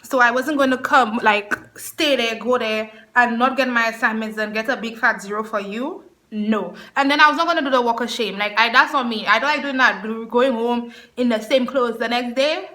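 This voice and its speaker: A woman in her twenties telling an animated story in a casual vlog. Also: on the high side, normal speed. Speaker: vlogger.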